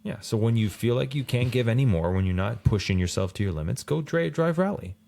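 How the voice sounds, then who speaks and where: A man co-hosting a racing podcast in casual chat, rambling and animated, full of fillers. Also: mid-range voice, fairly quick, gravelly. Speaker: podcast co-host.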